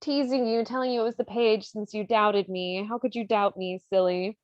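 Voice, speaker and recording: A woman's voice: medium pitch, fairly even intonation, normal speed, dry recording, muffled recording, lightly acted. A woman putting on a flustered noblewoman. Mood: teasing. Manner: breezy, fake-innocent protesting. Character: flustered noblewoman caught hiding a secret.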